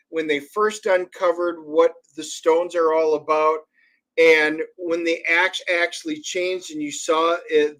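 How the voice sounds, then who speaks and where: During a casual livestream chat, a high-pitched man who co-created a comic and co-hosts the stream rambles through the comic's lore. He restarts often, leans on fillers, and drops dry one-liners.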